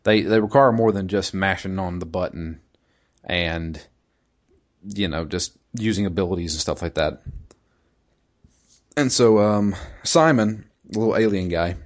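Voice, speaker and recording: A man's voice: low voice, a little slow, pauses often. A man casually talking through a video game's story and combat, hesitant, with many fillers and restarts. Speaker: video game reviewer. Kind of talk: casual podcast chat.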